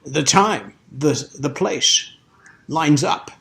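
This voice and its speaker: A man's voice: fairly high pitch, expressive, extremely slow, gravelly, a bit bright, heavily acted. A man voicing an arrogant old male scholar-adventurer who talks down to everyone in theatrical pronouncements. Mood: portentous. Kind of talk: game master voicing a character.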